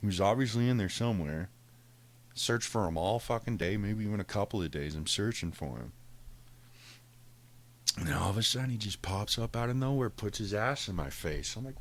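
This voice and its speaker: A podcast host telling a casual, profane story, animated and laughing often. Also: male voice, lowish voice, a little fast.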